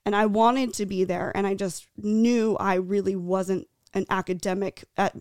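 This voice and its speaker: Tearful female podcast host, earnest and halting, dry recording. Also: medium pitch, fairly even intonation, darkish tone, clean tone, dry recording. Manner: earnest, halting, many restarts and fillers. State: tearful, choked up. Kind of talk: emotional personal storytelling.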